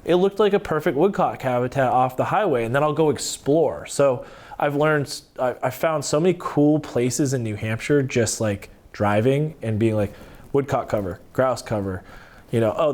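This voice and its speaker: A man talking as a podcast guest, telling animated stories in casual, profane conversation. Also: lowish voice.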